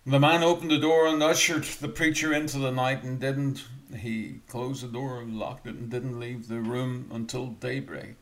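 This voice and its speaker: A man's voice: medium pitch, little pitch movement, moderate pace. A man preaching a sermon, telling a story and repeating key phrases for emphasis.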